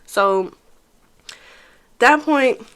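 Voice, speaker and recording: Animated young woman telling a storytime. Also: fairly high pitch, extremely slow, smooth. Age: young adult. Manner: animated, profane, talks straight to viewers. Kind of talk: casual storytime vlog.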